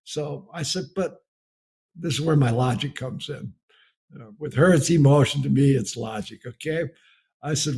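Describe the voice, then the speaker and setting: A man's voice: a little high, normal speed, darkish tone, breathy edge. A man preaching a marriage message as a folksy story and chuckling often as he tells it. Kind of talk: storytelling sermon.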